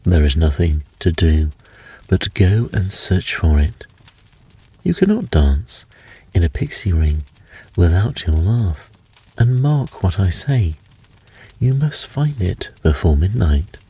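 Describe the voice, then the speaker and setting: A man voicing a grave old white-haired elf fiddler who speaks slowly and solemnly. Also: sits low, lively intonation, warm tone, slightly rough, heavily acted. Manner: slow, solemn.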